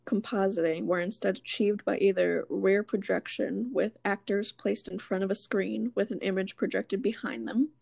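A woman co-hosts a laid-back movie podcast, working through her notes with plenty of ums and asides. Her voice has a gravelly edge. The sound is dry and close, with no room echo. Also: mid-range voice, steady tone, moderate pace, hardly any pauses, a little mellow. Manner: reads notes aloud with many ums. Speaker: podcast co-host. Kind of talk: casual chat.

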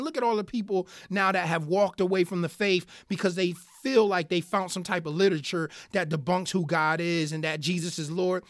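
Excited podcast host teaching scripture. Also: mid-range voice, normal speed, no room sound, studio quality. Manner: earnest and excited, talking straight to listeners as "guys"; reads scripture aloud in King James wording, then explains it. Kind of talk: Bible study podcast talk.

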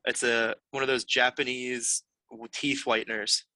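Very bright, dry-sounding young man. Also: medium pitch, little pitch movement, normal speed, no echo, low-quality recording. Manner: enthusiastic, show-and-tell, says "like" a lot. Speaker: podcast co-host. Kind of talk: casual chat among friends.

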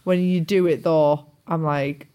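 A woman's voice: sits low, fairly even intonation, measured pace, mellow. A young woman co-hosting a podcast in casual, blunt, teasing and sweary chat. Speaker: podcast co-host.

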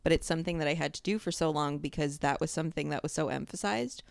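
A woman co-hosting a podcast in casual chat, telling animated stories, acting out quotes and laughing often. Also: sits low, fast, creaky, dry recording, studio quality. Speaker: podcast co-host.

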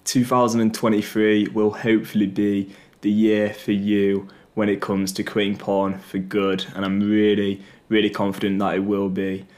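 A man's voice: fairly low pitch, monotone, normal speed, darkish tone. A man hosting a solo podcast, talking in an earnest, encouraging way, with some repeated words. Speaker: podcast host. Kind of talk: solo motivational podcast talk.

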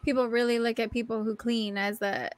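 A woman's voice: a little high, flat delivery, brisk, no echo. A young adult woman co-hosting a podcast, telling stories in a casual, profane, emphatic way. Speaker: podcast co-host. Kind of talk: casual chat.

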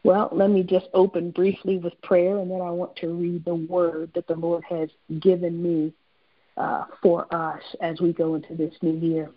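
A woman's voice: fairly low pitch, little pitch movement, moderate pace, no room sound, highs cut off. A woman leading a weekly prayer call, praying fervently and reading a prophetic word. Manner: fervent, repetitive address to God. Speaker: ministry call leader.

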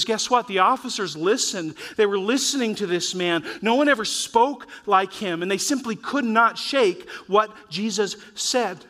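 A man preaching a sermon as pastor, earnest and urging, his voice rising and falling in loudness from point to point. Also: high-pitched, measured pace, few pauses.

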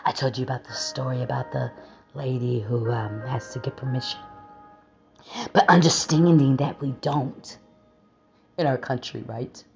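A woman hosting a faith talk show, telling a story in a casual, animated way and often laughing. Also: a bass voice, moderate pace, vocal fry, pauses often. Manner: animated, laughing storyteller, voice rising when excited. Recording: dull lo-fi audio with faint music.

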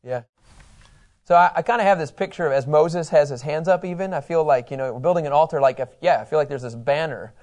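A man's voice: fairly high pitch, fast talker, darkish tone. A middle-aged man teaching a Bible class in a conversational way, reading scripture aloud and asking his listeners questions.

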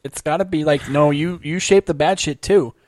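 A man's voice: on the high side, normal speed, darkish tone, a little hiss or hum. A man co-hosting a casual podcast chat who laughs along and rants reflectively. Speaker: comedian podcast co-host.

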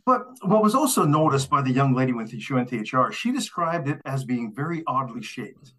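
Man, husky voice, casual podcast storytelling, animated, acts out voices, laughs a lot. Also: mid-range voice, fairly quick. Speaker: storyteller guest.

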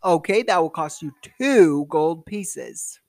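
A man's voice: fairly high pitch, animated, slow pace, a little mellow, no room sound. Friendly male dwarf peddler, polite salesman patter, a father playing him. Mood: cheerful.

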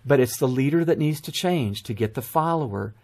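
Husky-voiced man telling parenting stories. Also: medium pitch, a little fast. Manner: storytelling, animated anecdotes. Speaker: guest parenting author. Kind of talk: casual radio talk.

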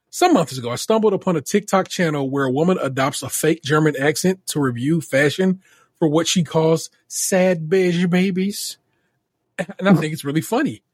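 A podcast co-host reading out a listener's story in a steady voice, adding wry asides. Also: male voice, a little high, husky, no echo, studio quality. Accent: Californian. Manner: steady read-aloud delivery with wry asides. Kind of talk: reading a listener story aloud, casual chat.

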